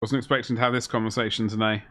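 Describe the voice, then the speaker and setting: A man's voice: fairly low pitch, level tone, racing, fairly bright tone. A man hosting a live stream. He reads viewers' chat aloud and answers it with jokes while he works on a miniature at his desk. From Britain.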